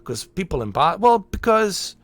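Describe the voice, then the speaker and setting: A man's voice: sits high, big pitch swings, moderate pace, fairly bright tone, no room sound. A man from Bosnia, chatting casually on his stream in a rambling, filler-heavy, profane way.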